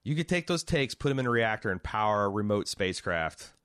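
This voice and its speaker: A man's voice: on the low side, a little fast, clear, resonant tone, dry recording, studio quality. Man riffing on a film. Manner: profane, riffing, animated. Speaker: podcast co-host. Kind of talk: casual movie review chat.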